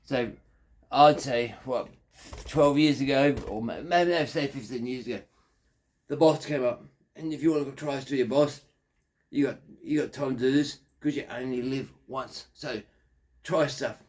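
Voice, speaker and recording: A man's voice: mid-range voice, moderate pace, darkish tone. Man in his fifties, Australian accent, crude, rambling, digressive. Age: 50s. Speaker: factory worker. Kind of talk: rambling monologue.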